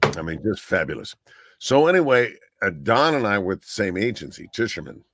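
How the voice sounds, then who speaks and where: A man's voice: on the low side, big pitch swings, brisk, fairly bright tone, no room sound, clean studio sound. A man on a radio-style chat show, telling rambling anecdotes and often looping back with "so anyway". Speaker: guest radio personality.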